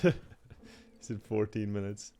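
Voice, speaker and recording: A man's voice: lowish voice, little pitch movement, slow, mellow, a little hiss or hum. A young Irish man chatting casually on a live game stream, laughing often and thanking viewers. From Ireland.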